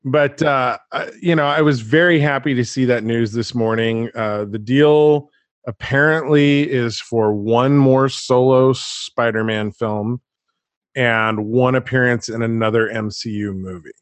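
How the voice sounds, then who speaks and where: A chatty man hosting a casual podcast chat, animated and quick to laugh. His voice sits at an ordinary middle pitch. The sound is dry and close, with no room around it. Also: no echo.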